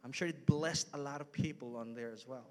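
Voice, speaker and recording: A man's voice: medium pitch, fairly quick, a little mellow. A man in his thirties preaching a casual storytelling sermon in a church hall, chatty and full of asides to the congregation. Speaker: pastor.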